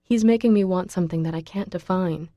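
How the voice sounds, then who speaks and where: A woman reads a first-person audiobook in an intimate, expressive way. Her voice is fairly low and mellow, recorded close and dry. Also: brisk, no echo. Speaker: audiobook narrator.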